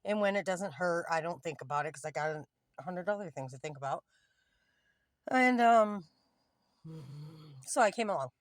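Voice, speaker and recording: A woman's voice: on the low side, expressive, moderate pace, pauses often, no echo, studio quality. A woman in her fifties talking candidly into her phone from a parked car, rambling and getting heated at times. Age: 50s. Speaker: vlogger. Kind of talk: casual selfie vlog. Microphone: phone camera.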